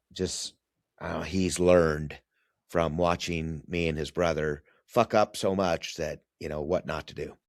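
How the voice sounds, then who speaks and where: A man's voice: low voice, dry recording, clean studio sound. A middle-aged man, a former military navigator, telling a family story as a podcast guest, blunt and profane and acting out the dialogue. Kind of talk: casual storytelling conversation.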